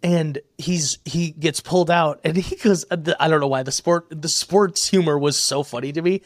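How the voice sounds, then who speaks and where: An excitable young man rambles through a casual podcast chat, stacking up fillers and breaking into laughs. His voice sits a little high for a man. The sound is close and dry, with no room around it. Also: moderate pace, dry recording. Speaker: podcast co-host.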